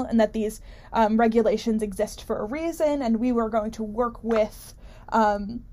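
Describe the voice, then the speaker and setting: A woman's voice: a little high, darkish tone. A woman hosting her own show, talking through a news story in an opinionated, casual way with frequent fillers and restarts. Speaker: show host.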